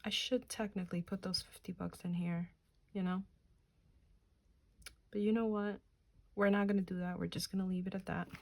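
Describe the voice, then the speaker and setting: A woman's voice: medium pitch, fairly even intonation, normal speed, vocal fry, long pauses. A woman in her thirties from New Jersey, chatting casually while counting cash aloud and muttering to herself. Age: 30s. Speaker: budgeting channel host.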